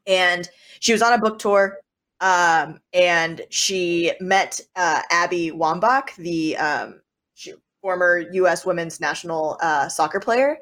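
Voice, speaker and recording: Lower-voiced woman telling a story casually. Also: unhurried. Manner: relaxed storytelling, fillers. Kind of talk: casual podcast chat.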